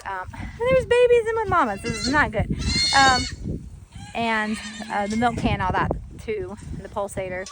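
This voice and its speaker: A woman's voice: fairly high pitch, heavy background noise. Chatty farm woman, outdoors. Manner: chatty, rambling with many fillers. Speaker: homesteader vlogger. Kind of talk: casual vlog chat. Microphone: camera mic, no lapel.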